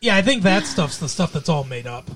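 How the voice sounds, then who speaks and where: A man co-hosts a casual podcast and talks through a movie in a loose, rambling way. He hedges a lot and circles back on his points. His voice sits a little high for a man. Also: sing-song, fairly quick, a bit bright, a little hiss or hum. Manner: rambling, hedging with "like" and "I guess". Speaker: podcast co-host. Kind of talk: casual movie review chat.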